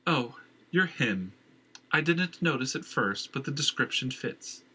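A man reading an audiobook, voicing a cool, composed woman guild boss with a calm, purring, melodic manner. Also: medium pitch, a little slow, husky, voice pushed up, full character voice. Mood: coolly taunting.

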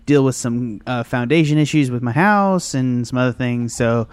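A man's voice: mid-range voice, moderate pace, clean tone, no echo. A man hosting a movie review podcast, tired and rambling, often correcting himself mid-sentence in casual chat. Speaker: podcast host.

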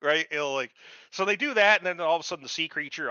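Swearing and laughing through a rant, this male podcast co-host keeps the chat casual and animated. His slightly high voice is clean in tone and quick, though the audio sounds dull and there's no echo.

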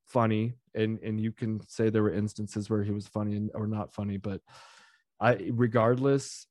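A man's voice: lowish voice, flat delivery, normal speed, darkish tone, dry recording, studio quality. Rambling, heated man in casual chat.

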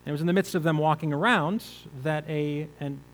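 A man's voice: on the high side, fairly quick, big-room sound, poor audio. A male pastor preaching a conversational sermon, asking the listeners rhetorical questions.

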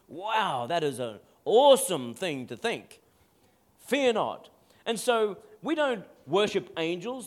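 A pastor preaching a sermon, calling out for amens and dropping to a soft, intimate voice at times. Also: male voice, sits high. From Netherlands. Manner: call-and-response preaching, asks for amens.

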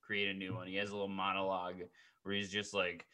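A man co-hosting a podcast, recapping a film in casual, profane, animated chat and humming the score. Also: deep voice, fast. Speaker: podcast co-host.

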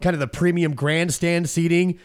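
A man hosting a podcast whose voice is still hoarse from being sick, upbeat as he promotes an event. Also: on the high side, fairly even intonation, normal speed. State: hoarse, recovering voice. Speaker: podcast host and competition organizer.

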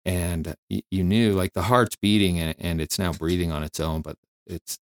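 Low-voiced man telling stories. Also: steady tone, no echo, clean studio sound. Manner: reflective, halting, many fillers. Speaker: firefighter and flight nurse guest. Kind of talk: candid storytelling interview.

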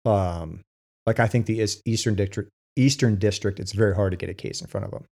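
A man explaining sentencing in casual talk, halting and full of fillers and restarts. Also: fairly low pitch, fairly even intonation, a little mellow. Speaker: co-host with legal case experience. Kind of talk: casual discussion.

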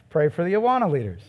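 A middle-aged male pastor preaching a sermon in a conversational way, with loud emphatic peaks and soft asides. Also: a little high, phone-quality sound.

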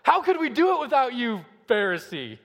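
A man's voice: extremely high pitch, big pitch swings, normal speed, fairly bright tone, long reverb tail, voice pushed up, full character voice. A man voicing God as an effusive, overly impressed figure heaping praise in a sermon skit. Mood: gushing. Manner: exaggerated, gushing praise.

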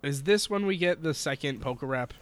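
A man's voice: on the high side, expressive, a little fast, clean tone, no room sound. A man co-hosting a podcast, recapping a show in casual chat, profane and jokey, laughing often. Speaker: podcast co-host.

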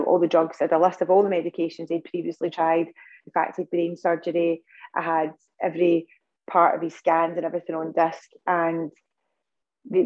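A woman's voice: fairly low pitch, dull audio. A Scottish woman, a podcast guest, telling a long personal story in casual interview talk, with earnest pacing and many fillers and restarts. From Scotland.

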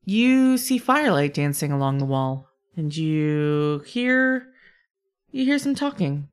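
A woman narrating as game master in a tabletop game, describing scenes in a relaxed, rambling way. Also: low voice, slow, smooth.

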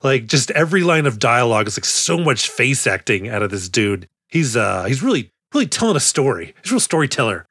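A man's voice: medium pitch, sing-song, brisk, hardly any pauses, fairly bright tone, husky, dry recording, studio quality. A young man co-hosting a podcast in casual chat, rambling, correcting himself and laughing often. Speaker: podcast co-host.

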